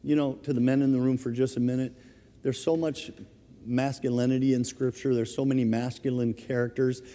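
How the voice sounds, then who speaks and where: A middle-aged man preaching as a pastor, telling stories with chuckles and animated emphasis. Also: mid-range voice, a little fast. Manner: storytelling, animated, chuckles through anecdotes. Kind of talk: sermon. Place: church sanctuary. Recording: long hall reverb.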